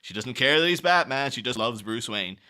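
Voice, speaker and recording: Bright-voiced man chatting on a film podcast. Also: mid-range voice, expressive, a little fast, clean tone. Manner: chatty, laughs often, puts on voices for quotes. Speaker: podcast co-host. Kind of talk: casual film podcast chat.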